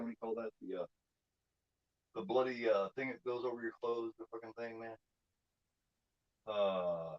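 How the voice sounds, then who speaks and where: A man chatting casually during a movie watchalong, rambling and halting with lots of fillers and restarts. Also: mid-range voice, darkish tone, dull audio. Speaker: guest co-host.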